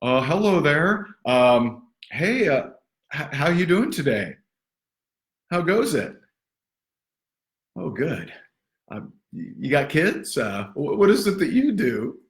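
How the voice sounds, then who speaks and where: A man's voice: fairly high pitch, sing-song, slow, pauses often, voice pushed up, full character voice. A man putting on a nervous, fumbling male cold caller who stammers through small talk. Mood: awkward. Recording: roomy echo.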